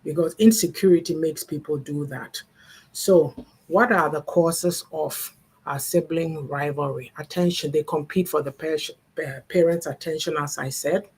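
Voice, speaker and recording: A woman's voice: low voice, unhurried, a little mellow, husky. An older woman, hosting a livestream talk on family and faith, earnest and advising. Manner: earnest, advising, acts out parents' sayings. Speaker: host.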